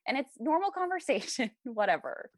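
A lively young woman chatting as a podcast guest. Her pitch leaps and dips as she acts out the people in her story, and she laughs often. The sound is dry and close, with no room around her. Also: moderate pace, no echo. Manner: animated, laughing, acts out quoted lines. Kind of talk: casual storytelling chat.

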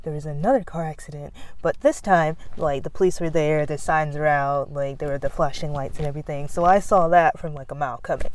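Outdoors near a road, a young woman podcaster talks in a casual chat, drifting into tangents, laughing, and losing track of her words. Her low voice is brisk and darkish, with fairly even intonation.

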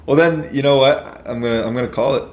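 A laid-back man hosting a podcast, chatting casually and laughing easily. His voice sits at an ordinary middle pitch, and he tends to restart his sentences. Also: moderate pace, a bit bright. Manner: laid-back, laughs often, repeats words. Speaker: podcast host. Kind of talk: casual podcast chat and outro.

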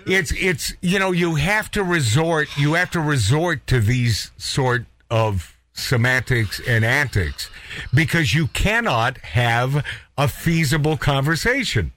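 A man's voice: a little high, animated, takes it slowly, a bit bright, slight background noise. A man hosting a podcast aftershow, talking in a heated casual chat with frequent stammered restarts. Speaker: podcast host.

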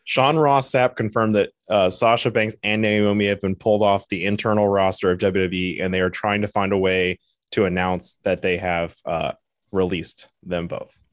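A man's voice: low voice, level tone, normal speed, dry recording, studio quality. A man co-hosting a casual podcast, blunt and opinionated, swearing freely as he argues. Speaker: podcast co-host. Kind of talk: casual chat.

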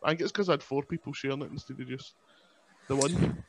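A man's voice: medium pitch, fast talker, a little hiss or hum. A young Scottish man hosting a casual podcast chat, self-mocking and laughing often. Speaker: podcast host.

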